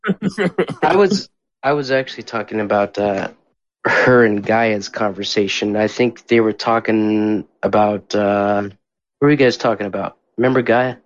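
A man's voice: lowish voice, moderate pace. A man hosting a casual group call, easygoing and prompting the others to talk. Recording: dull lo-fi call audio.

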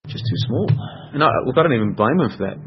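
A man's voice: medium pitch, animated, fast talker. Rambling man hosting a podcast. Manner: rambling, chatty, self-correcting. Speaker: podcast host. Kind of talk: casual solo podcast chat. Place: home room. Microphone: computer mic. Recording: dull lo-fi audio with faint noise.

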